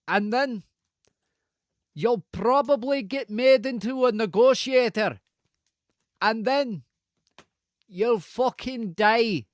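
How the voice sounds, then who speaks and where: A man's voice: extremely high pitch, fairly bright tone, dry recording, studio quality, voice pushed up, heavily acted. A man putting on a loose, half-Scottish accent, teasing his audience in a mock-solemn, profane way. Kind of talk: casual chat with a live audience.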